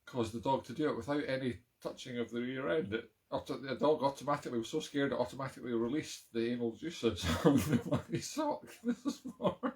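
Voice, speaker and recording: A man's voice: medium pitch, lively intonation, fairly quick, hardly any pauses, darkish tone. A middle-aged man with a Scottish, Edinburgh accent, hosting a music live stream from home and chatting in a rambling, self-amused way with many fillers. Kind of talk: casual live-stream chat between tunes. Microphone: home live-stream setup.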